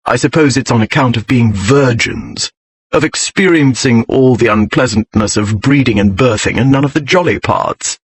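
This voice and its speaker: A man's voice: medium pitch, moderate pace, breathy edge, lightly acted. A man voicing a grim aristocratic English lord who speaks in a bored, dry and scornful way, in an audiobook reading.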